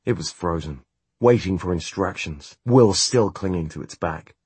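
A man narrating a novel as an audiobook in a steady, measured reading. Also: sits low, husky, no echo. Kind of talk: scripted narration.

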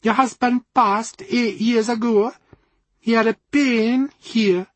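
A man's voice: very high-pitched, fairly even intonation, slow, dry recording, pitched above the performer's own voice, exaggerated voice. A man voicing a smartly dressed Jamaican woman in her sixties who offers readings as a spiritual healer, with a lilting, solemn manner.

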